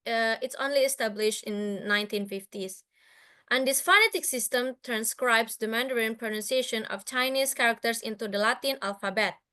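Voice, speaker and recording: A woman's voice: fairly high pitch, pushed and bright, clear, resonant tone. Hesitant young woman with an Indonesian accent. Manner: hesitant, many fillers and restarts. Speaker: guest speaker. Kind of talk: online presentation with slides.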